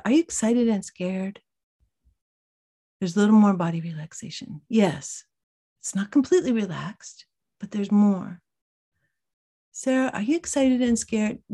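Soft-spoken woman teacher, often whispering. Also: a little high. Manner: soft, often drops into a whisper, gentle and reflective. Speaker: teacher leading a workshop. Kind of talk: answering questions in a live teaching session.

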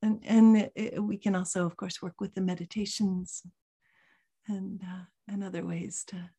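A woman teaching a workshop, answering questions gently and reflectively, often dropping into a soft whisper. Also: medium pitch, little pitch movement, unhurried, husky.

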